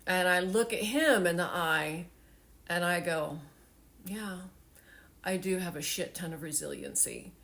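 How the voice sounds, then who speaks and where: Slow-talking emotional woman in her forties. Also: lowish voice, gravelly, a bit bright. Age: 40s. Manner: heartfelt, rambling with many fillers. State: tearful, emotional. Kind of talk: personal vlog storytelling.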